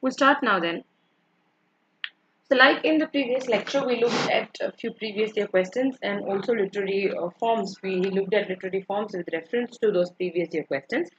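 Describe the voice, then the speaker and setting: A woman's voice: medium pitch, normal speed, muffled recording, a little hiss or hum. A woman teaching an online literature class, explaining points patiently, repeating them and checking in with her students. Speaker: English literature lecturer. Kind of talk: online lecture.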